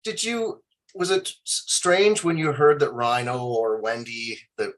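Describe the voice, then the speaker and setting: A man's voice: medium pitch, measured pace. A man hosting an interview, asking questions with enthusiasm. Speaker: interviewer host.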